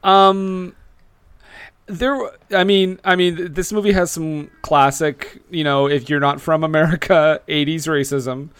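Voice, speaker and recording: A man's voice: fairly high pitch, steady tone, a little slow, fairly bright tone, smooth, no echo. Dry-voiced man with wry laughs. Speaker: podcast co-host. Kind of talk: casual movie commentary chat.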